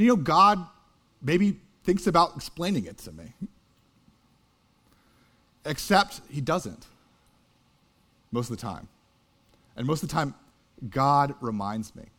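A pastor in his thirties, with a mid-range voice and a breathy edge, tells a story during a sermon. His manner is earnest and conversational, building up to loud, animated peaks.

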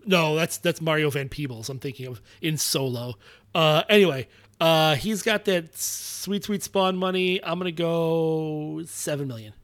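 A man's voice: a little high, measured pace, a bit bright. A man co-hosting a podcast in casual chat, rambling and joking, swearing now and then. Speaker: podcast co-host.

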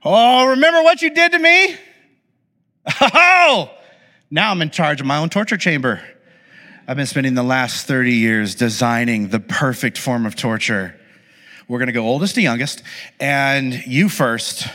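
A man's voice: medium pitch, animated, unhurried, bright, forceful tone. A man preacher acting out a vengeful man who taunts his brothers, harsh and theatrical. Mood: gloating. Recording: long hall reverb.

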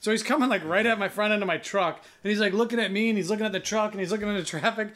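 Bright, high-voiced man swearing through a story. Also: racing. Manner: profane, laughing, acts out quoted voices loudly. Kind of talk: casual storytelling chat.

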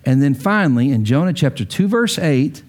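A male pastor preaching a sermon, telling stories with animated voices for the people in them. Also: mid-range voice, moderate pace. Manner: animated storytelling with acted quotes.

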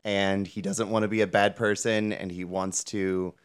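A woman co-hosting a podcast in casual chat, retelling scenes with animated, acted-out quotes and laughter. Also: rumbling low, moderate pace, clear, resonant tone. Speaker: podcast co-host.

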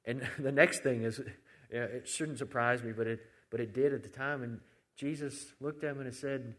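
A man's voice: medium pitch, steady tone, normal speed. A man earnestly retelling a Bible story in a conversational faith discussion, quoting scripture as he goes.

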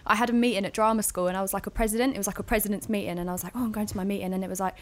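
A woman's voice: mid-range voice, steady tone, very fast. A young woman, a guest actress, telling stories in a chatty, laughing way on a casual podcast. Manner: chatty storyteller, laughs often, many "like"s.

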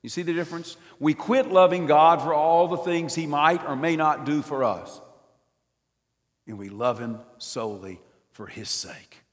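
An older man preaching a sermon in a church, swinging from loud emphatic lines down to near whispers. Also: fairly high pitch, measured pace, long reverb tail. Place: church nave.

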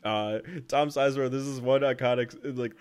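A young man co-hosting a movie podcast, talking in loose, rambling casual chat at a middle pitch. He piles up fillers and slips into quick put-on voices when he retells scenes. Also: fairly even intonation, clear, resonant tone. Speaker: podcast co-host.

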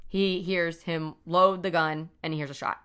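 A woman's voice: lowish voice, steady tone, normal speed, fairly bright tone, clear, resonant tone. A woman hosting a podcast, retelling events in a loose, casual way with lots of "like" fillers. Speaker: podcast host. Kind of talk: casual storytelling.

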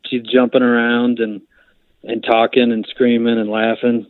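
A man's voice: medium pitch, level tone, a little slow, dry recording, phone-quality sound. A man talking casually as a podcast guest, blunt and crude in his joking. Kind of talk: casual chat.

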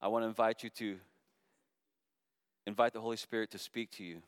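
A man, a middle-aged pastor, preaching a sermon that moves between loud impassioned calls and soft, hushed appeals. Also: fairly low pitch, flat delivery, brisk, clear, resonant tone, dry recording, studio quality.

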